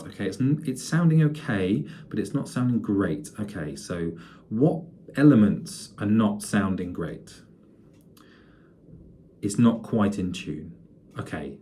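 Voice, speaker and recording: A man with a low voice gives a music lecture to students. He talks in a relaxed, conversational way, full of fillers and restarts. His tone is mellow, with a faint hum of noise behind him.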